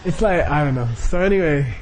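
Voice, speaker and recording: A man's voice: a little high, expressive, brisk, background noise. A middle-aged man leading a Buddhist group, explaining the practice informally with frequent chuckles, fillers and restarts.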